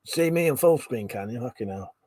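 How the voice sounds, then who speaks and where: A man's voice: medium pitch, animated, brisk, darkish tone, slightly rough, no echo. Chatty swearing man, dry sound. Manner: swears often, chuckles, mutters asides. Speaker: livestream host reading chat. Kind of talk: casual live chat. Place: bedroom at home.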